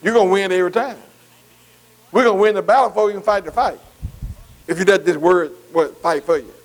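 A man's voice: high voice, brisk, rough recording. A man preaching a folksy sermon, calling out to the congregation. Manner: folksy, call-and-response preaching with dialect.

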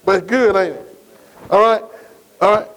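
A man's voice: sits high, moderate pace, a bit bright, poor audio. A middle-aged man preaching a sermon, asking his congregation questions and repeating phrases in a call-and-response cadence.

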